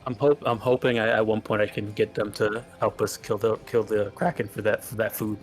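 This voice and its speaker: A man playing a tabletop game, talking casually and haltingly with the game master. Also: on the low side, flat delivery, soft background music. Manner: hesitant, halting. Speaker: player.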